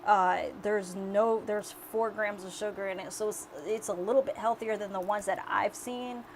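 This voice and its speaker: A woman's voice: medium pitch, steady tone, moderate pace, a little hiss or hum, poor audio. A young woman cooking in her home kitchen, chatting casually and explaining each step as she goes. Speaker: home cook.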